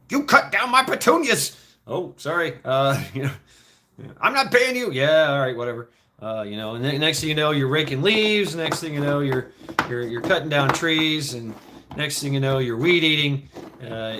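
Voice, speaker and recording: A middle-aged man spins loose, swearing anecdotes in casual chat. His voice is bright and forward, at an ordinary middle pitch. He keeps restarting his sentences as he goes. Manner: profane, rambling, frequent restarts and laughs. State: foot injured, limping. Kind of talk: casual rambling storytelling.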